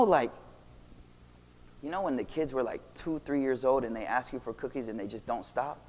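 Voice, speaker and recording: A young man giving a casual, animated Islamic talk full of slang, swinging between loud and quiet. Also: fairly high pitch. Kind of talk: casual storytelling lecture. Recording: long reverb of a hall.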